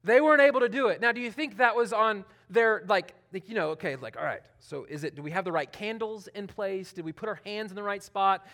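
A man preaching a conversational sermon, talking informally with many fillers and swinging between loud emphasis and hushed asides. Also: sits high, brisk, few pauses. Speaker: pastor.

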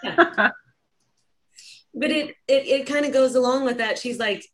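A woman's voice: high-pitched, unhurried, long pauses, a bit bright. A woman hosting a podcast, telling stories casually, laughing often and acting out the voices she quotes. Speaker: podcast host. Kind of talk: casual conversational storytelling.

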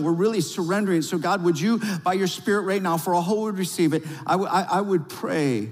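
Man preaching in a reverberant hall. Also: on the high side. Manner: storytelling with rising excitement, then hushed prayer. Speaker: pastor. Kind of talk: sermon. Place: church sanctuary. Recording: long reverb of a large hall.

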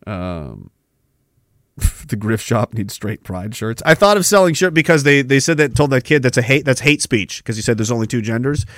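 A man's voice: medium pitch, expressive, normal speed, no room sound, clean studio sound. A young adult man hosting a casual livestream podcast, reading chat comments and talking bluntly with a combative, swearing manner.

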